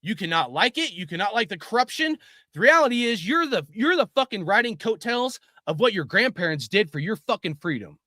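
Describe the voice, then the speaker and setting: A man's voice: sits high, very animated, fairly quick, sharp tone, no room sound, studio quality. A middle-aged man ranting angrily and swearing constantly in a profane opinion talk. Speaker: video host.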